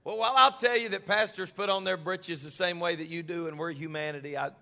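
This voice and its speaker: A male pastor telling stories in a sermon, then building to passionate shouted preaching in a church. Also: high-pitched, fairly even intonation, fast, vocal fry, hardly any pauses, big-room sound.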